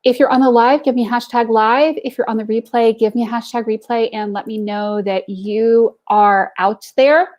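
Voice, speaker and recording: A woman's voice: on the high side, steady tone, normal speed, hardly any pauses, a little mellow. A middle-aged woman hosting a live stream for an online women's business group. She gives an upbeat, direct pep talk, speaking straight to her viewers and telling jokes and anecdotes.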